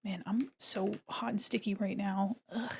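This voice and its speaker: A woman's voice: mid-range voice, fairly even intonation, a little slow, vocal fry, husky. A woman from the United States chatting casually while she draws on stream, joking around and slipping into silly voices.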